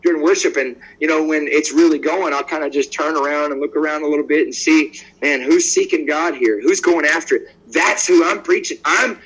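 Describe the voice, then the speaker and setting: Husky-voiced evangelist telling stories. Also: male voice, a little high, brisk, few pauses, rough recording. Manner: lively storyteller acting out quoted dialogue; bold and outspoken. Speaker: evangelist guest. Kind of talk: conversational podcast interview.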